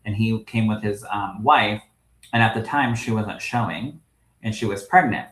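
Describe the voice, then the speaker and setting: A man co-hosting a podcast as a medium, telling stories in a lively way, laughing often and greeting live viewers. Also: lowish voice, normal speed, roomy sound, low-quality recording. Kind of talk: casual livestream chat.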